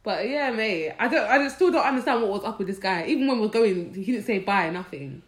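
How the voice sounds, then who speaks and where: A young woman talks quickly and animatedly on a casual podcast, full of slang. Her voice sits in a middle register. The room around her sounds echoey. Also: mid-range voice. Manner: fast-talking, animated storyteller, London slang. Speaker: podcast co-host. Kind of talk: casual chat.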